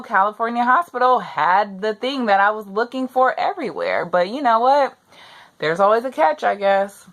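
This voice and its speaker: A woman's voice: mid-range voice, fairly bright tone. A young pregnant woman venting her frustration in a personal rant to the camera, repeating herself as she gets upset. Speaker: vlogger.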